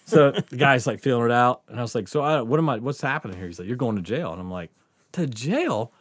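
A man's voice: medium pitch, expressive, quick pace, no room sound. A man hosting a podcast, telling a story in casual chat, laughing often and swearing freely. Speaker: podcast host.

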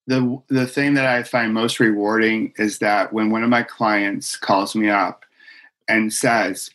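A man's voice: on the low side, fairly even intonation, normal speed, a bit bright, rough recording. Middle-aged guy, earnest and heartfelt, chatty storytelling, lots of um and like. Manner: earnest, heartfelt, many fillers. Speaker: guest, executive coach. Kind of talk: conversational storytelling.

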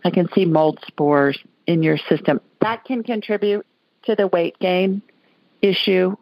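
A woman's voice: fairly low pitch, a little slow, vocal fry, no echo, dull audio. A woman from Alabama hosting a call-in radio show, talking in a chatty, folksy way. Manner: chatty, folksy, laughs easily. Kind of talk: casual call-in chat.

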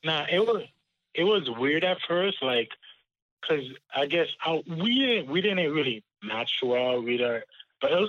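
A man on a podcast, telling a story in a halting, hesitant way. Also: medium pitch, fairly bright tone, no room sound. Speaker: podcast guest. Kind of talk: casual chat. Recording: slightly dull lo-fi sound.

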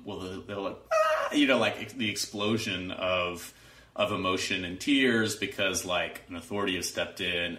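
Man, low voice, bright, rambling casual talk, echoey room. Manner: rambling, heavy use of "like". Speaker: guest, father and lawyer. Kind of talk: casual conversation.

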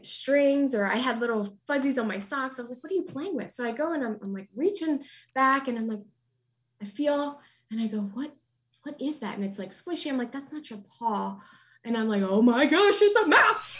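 A woman in her thirties, a nurse and podcast guest, telling funny stories in an animated, laughing way. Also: medium pitch. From United States. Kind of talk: casual storytelling.

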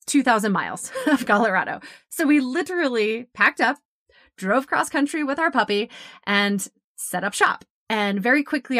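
A woman in her thirties hosting a podcast, telling her own story in an animated way, laughing often and acting out the dialogue she quotes. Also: medium pitch, no room sound, clean studio sound. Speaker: podcast host. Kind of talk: personal storytelling monologue.

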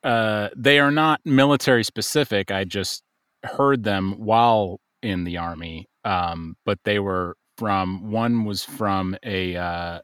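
A man telling stories in casual podcast chat, unhurried with many fillers. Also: on the low side, a bit bright, clear, resonant tone, dry recording, studio quality. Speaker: podcast guest.

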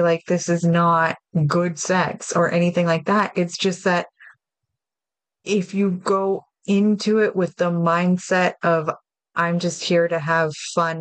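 A woman's voice: lowish voice, clear, resonant tone, no room sound. A woman co-hosting a casual podcast chat, talking frankly and unhurriedly about games. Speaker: podcast co-host.

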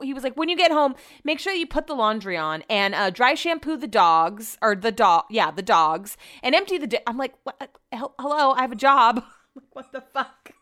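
A woman's voice: mid-range voice, fairly bright tone, clean tone. A young woman from the United States hosting a podcast, chatting casually and rambling with lots of asides. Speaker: podcast host. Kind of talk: casual chat to camera.

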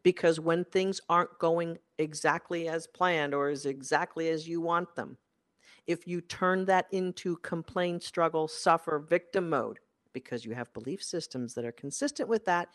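A career coach delivering an emphatic motivational monologue, repeating key phrases for effect. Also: moderate pace. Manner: emphatic and repetitive, with big swings in pitch and loudness.

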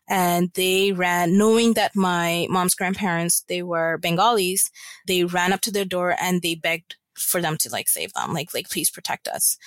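A woman's voice: medium pitch, fairly bright tone, no room sound. A woman guest on a podcast, recounting a family story in an earnest, reflective way with many casual fillers. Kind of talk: personal storytelling in an interview.

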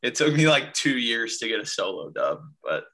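A young man co-hosts a casual podcast in a relaxed, slangy way. His voice is bright and forceful, at a middle pitch for a man. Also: normal speed, rough recording. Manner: laid-back, dude-speak. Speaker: podcast co-host.

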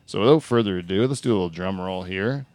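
A man's voice: sits low, fast talker, a little mellow, dry recording, faint music behind. A man hosting a casual comedy podcast in a studio, rambling through joking sponsor reads with lots of filler words. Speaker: podcast host. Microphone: studio mic.

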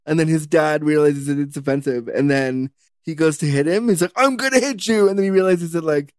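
A man's voice: fairly high pitch, brisk, a little mellow, clean tone, no room sound. A man casually recapping a film with jokes and swearing, in a rambling chat.

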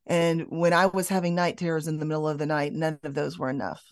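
Earnest low-voiced woman guest author. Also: level tone, no room sound, clean studio sound. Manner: earnest, halting, reflective. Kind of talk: earnest conversational sharing.

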